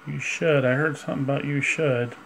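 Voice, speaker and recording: A man running a ghost-hunting session, asking questions slowly and patiently as he calls out to spirits. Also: mid-range voice, steady tone, creaky, fairly bright tone, low-quality recording. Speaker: paranormal investigator.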